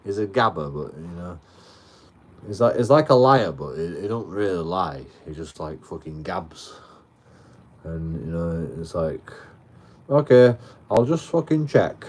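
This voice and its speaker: Man, lowish voice, casual rambling storyteller who swears a lot. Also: a little slow. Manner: rambling, heavy swearing, frequent restarts. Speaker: livestreamer. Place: outdoors.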